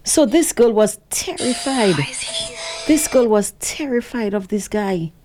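A woman co-hosting a casual talk show, telling stories with animated emphasis. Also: on the high side, a little slow, music in the background. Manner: animated storyteller, retells quotes with rising emphasis. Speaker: co-host.

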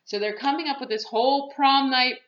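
A woman casually recapping a movie plot on a podcast, animated and laughing often as she acts out lines. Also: high-pitched, a little fast. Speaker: podcast co-host. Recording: dull echoey room recording.

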